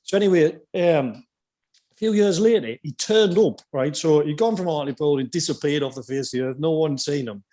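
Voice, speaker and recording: A man hosting a podcast, telling lively casual stories about former teammates with quoted asides. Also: on the high side, fairly quick. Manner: animated anecdotes with quoted asides. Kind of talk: casual storytelling chat.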